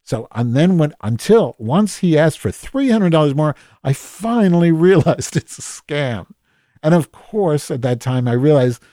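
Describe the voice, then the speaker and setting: Clean studio audio with no room sound captures a man of medium pitch and dark tone. As a podcast host in character, he improvises a comedic monologue as Madge, a crotchety office worker who swears a lot, rambling, self-deprecating and restarting many times.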